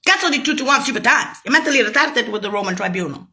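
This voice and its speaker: A woman's voice: a little high, animated, racing, few pauses, bright, forceful tone. A woman in a rambling, profane, sarcastic monologue, agitated and mocking. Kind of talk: ranting monologue to camera.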